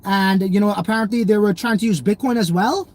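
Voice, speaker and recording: A man's voice: sits high, brisk, a little mellow. A young man hosting a crypto livestream, chatting loosely in slang and reading viewer comments. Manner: slangy, loose and rambling, many fillers.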